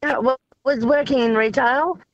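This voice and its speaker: A woman's voice: sits high, steady tone, moderate pace, no echo. A woman calling in to a radio show, blunt and matter-of-fact. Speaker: caller. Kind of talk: phone-in story. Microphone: phone. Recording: dull phone line.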